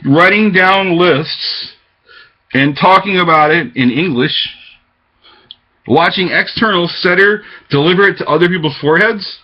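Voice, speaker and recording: Man, agitated rambling webcam monologue, fairly high voice, muffled webcam mic. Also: unhurried. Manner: agitated, rambling, jumps between topics. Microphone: webcam microphone. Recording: dull lo-fi webcam audio.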